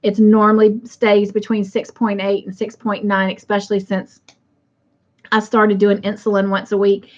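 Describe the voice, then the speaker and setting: A woman hosts a casual livestream in a mid-range, monotone voice at normal speed, chatting with lots of fillers. She greets viewers by reading their comments aloud, and the lo-fi audio sounds muffled.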